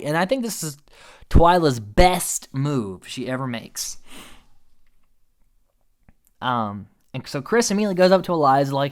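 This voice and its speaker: A man giving a casual, animated recap commentary, chatty and laughing often. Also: on the high side, measured pace, long pauses. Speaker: show recap host.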